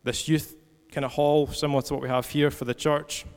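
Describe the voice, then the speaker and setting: A man's voice: a little high, level tone, fairly quick, clean tone. A man in his forties preaching a sermon, reading scripture and telling stories in a conversational way. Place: church hall. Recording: long church-hall reverb.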